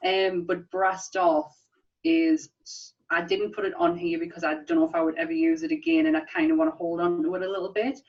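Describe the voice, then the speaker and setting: A woman's voice: lowish voice, sing-song, brisk. Woman, podcast co-host, enthusiastic, laughs often, a bit far from the mic, muffled sound. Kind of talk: casual film chat. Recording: slightly distant, dull sound.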